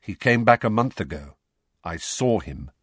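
A man voicing a weary, troubled teenage boy wizard in an audiobook, speaking quietly and heavily. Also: fairly low pitch, lively intonation, unhurried, slightly rough, no room sound, studio quality, full character voice. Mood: subdued. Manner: quiet, heavy, subdued. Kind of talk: audiobook character reading.

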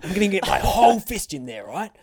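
A man voicing a brash, enthusiastic male wildlife showman playing a doctor, loud, eager and jokey. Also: high voice, very animated, fast, crowd noise, pitched above the performer's own voice.

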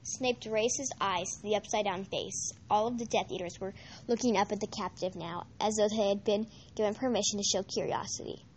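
A woman narrating a novel aloud in an amateur reading, measured, with occasional slips and restarts. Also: mid-range voice, fairly even intonation, darkish tone, slight background noise. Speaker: audiobook reader.

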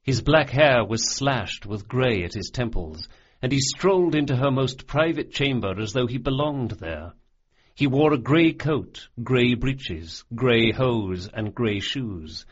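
Man, audiobook narrator, slow unhurried pace, animated pitch, muffled lo-fi sound. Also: slightly rough. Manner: measured, expressive storytelling. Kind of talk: scripted narration. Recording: dull lo-fi audiobook recording.

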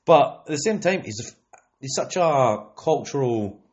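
A man's voice: medium pitch, lively intonation, a little slow, darkish tone. A young Scottish man hosting a casual podcast, rambling and leaning on fillers as he talks. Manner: rambling, with many "you know what I mean" fillers. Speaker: podcast host. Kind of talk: casual chat. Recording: lo-fi podcast recording.

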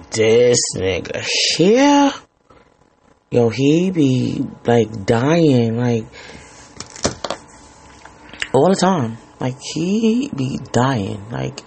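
A man's voice: a little high, gravelly, darkish tone, a little hiss or hum. A man hosting a podcast, telling a story in a rambling, profane, exasperated way. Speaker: podcast host. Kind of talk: casual storytelling rant.

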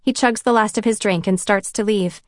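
Woman, audiobook narration, first person, wry, mid pitch, dry. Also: normal speed, no room sound. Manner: self-conscious, wry inner voice.

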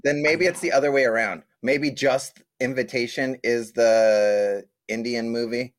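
A man's voice: medium pitch, steady tone, a little slow. A man co-hosting a casual podcast, teasing his partner and laughing easily through the banter. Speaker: podcast co-host. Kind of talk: casual chat.

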